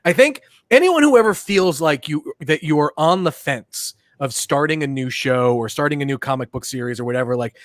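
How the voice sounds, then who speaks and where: A man's voice: a little high, expressive, a little fast, few pauses, no room sound, studio quality. A man co-hosting a pop-culture podcast, talking casually and rambling with lots of fillers and restarts. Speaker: podcast co-host.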